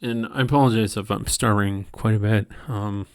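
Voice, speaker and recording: A tired man hosting a gaming channel, ranting in a halting, profane monologue with frequent restarts. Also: on the low side, steady tone, no echo, clean studio sound. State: tired from lack of sleep.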